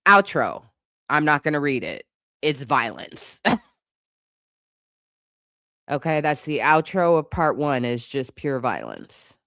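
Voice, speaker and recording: Pitch swooping wildly within a mid-range voice, this vlogger speaks slowly, pausing often, with a sharp tone. Sitting in a living room with a couch and a cat, the YouTube commentator laughs a lot while sarcastically reacting to lyrics, in studio-quality audio with no room sound.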